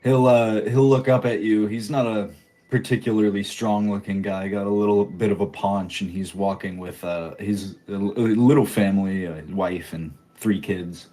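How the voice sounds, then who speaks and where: A man narrating as game master in a casual, halting way. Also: fairly low pitch, steady tone, warm tone.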